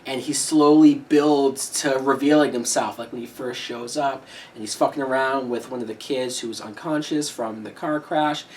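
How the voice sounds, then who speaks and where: Low-voiced woman ranting, slightly distant mic. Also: fairly even intonation, moderate pace. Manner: profane, heated ranting with sudden shouted peaks. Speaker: movie reviewer. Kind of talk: ranting film review.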